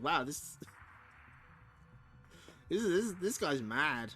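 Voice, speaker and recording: A man's voice: a little high, very animated, extremely slow, pauses often, pushed and bright, breathy edge, faint music behind. A man hosting a stream, reading a comic aloud and making casual, wry asides with frequent laughter. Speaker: streamer host. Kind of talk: casual comic read-along commentary.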